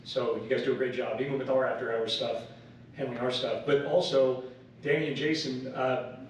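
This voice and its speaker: A man's voice: medium pitch, steady tone, normal speed. A man in the audience giving friendly praise and asking a question, hesitant with fillers. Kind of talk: casual comment and question. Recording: echoey hall from far off, faint noise.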